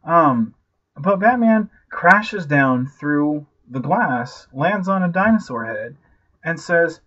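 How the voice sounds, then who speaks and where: A man in his thirties giving a casual, ranting movie review, animated and profane, constantly saying "like" and "you know". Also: on the high side, slow pace, highs cut off. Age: 30s.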